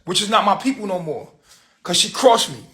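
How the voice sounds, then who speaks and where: A man's voice: high-pitched, sing-song, fairly quick, bright, forceful tone. A man hosting a livestream, telling a story in a heated, profane rant full of street slang. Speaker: livestream host.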